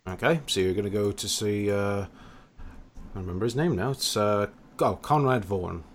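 A man's voice: on the low side, moderate pace, a little hiss or hum. A man running a tabletop game and patiently explaining the rules. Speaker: game master.

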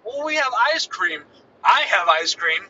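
A man's voice: high voice, very animated, a little slow, recorded from a distance, highs cut off, noisy background. A man in casual chat, laid back and chiming in with jokes.

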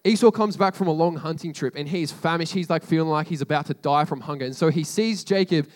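A man's voice: a little high, quick pace. A man casually retelling a story to a group as a sermon, chatty and slangy, with frequent asides to his listeners.

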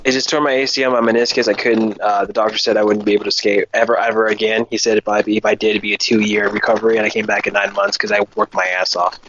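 A man's voice: on the low side, fairly bright tone. A man speaking as a guest on a remote call, in a laid-back, casual way. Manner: laid-back, quick talker. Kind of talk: casual chat. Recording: dull lo-fi call line, faint noise.

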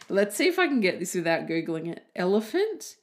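A woman from Australia hosts a podcast, chatting on her own in a loose, giggly way and poking fun at herself as she drifts off topic. Her voice sits a little low and she takes her time. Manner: giggly, self-mocking, goes off on tangents. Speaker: podcast host. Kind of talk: rambling casual podcast monologue. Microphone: desk mic, typing heard.

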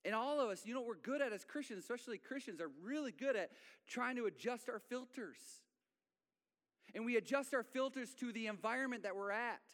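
Bright-voiced pastor preaching in a hall. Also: male voice, very high voice, expressive, brisk. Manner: conversational preaching, acts out little scenes. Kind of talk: sermon. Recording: long hall reverb.

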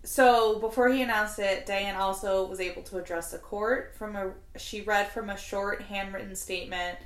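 A woman's voice: medium pitch, fairly even intonation, normal speed. A woman co-hosting a casual podcast, recounting a case in chatty talk full of "like" and the odd swear. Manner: chatty, heavy use of "like", swears freely. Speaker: podcast co-host. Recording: roomy echo.

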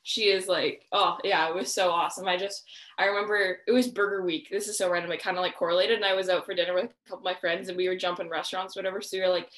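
A young woman hosting a casual sports podcast, bubbly and quick to laugh, saying "like" and "awesome" a lot. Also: on the low side, level tone, a bit bright, echoey room. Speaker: podcast host.

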